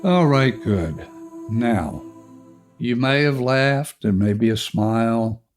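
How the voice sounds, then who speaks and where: Middle-aged male podcast host, unhurried and calm, steps the listener through an exercise. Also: mid-range voice, soft background music. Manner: slow, calm, instructive, speaking directly to the listener. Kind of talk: guided self-help exercise.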